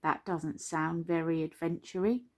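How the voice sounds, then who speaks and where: A woman voicing Peppa Pig, a cheerful little girl piglet, in an excited storybook reading. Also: on the low side, a little slow. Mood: sulky. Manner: excited, squealing. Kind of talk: storybook character voice.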